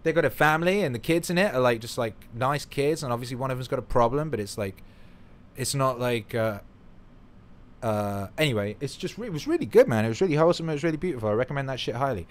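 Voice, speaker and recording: A man hosting a casual livestream chat, excitable and swearing freely, swinging between mumbles and loud bursts. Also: medium pitch, quick pace. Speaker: livestream host.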